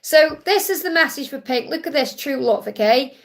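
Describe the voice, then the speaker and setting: Live tarot host, female: high voice with gravel in it, reassuring and affectionate with viewers. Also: animated, moderate pace. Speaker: tarot card reader and live stream host. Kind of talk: live tarot reading, answering viewer questions.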